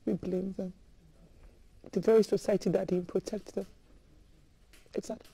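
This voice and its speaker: A woman's voice: mid-range voice, level tone, moderate pace, gravelly, warm tone, husky, dry recording, low-quality recording. A woman from Ghana, a guest in an interview, talking through tears and breaking off mid-sentence. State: crying. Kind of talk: emotional interview talk.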